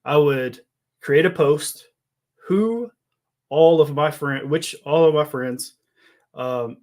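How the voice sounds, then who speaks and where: A man's voice: a little high, takes it slowly, a little mellow. A man appearing as a guest on a business webcast, talking casually with frequent ums.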